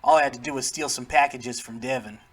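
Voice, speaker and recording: A man's voice: mid-range voice, fast, fairly bright tone, natural voice. A man voicing a bragging male thug in a game, with a put-on accent and an altered tone. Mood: smug.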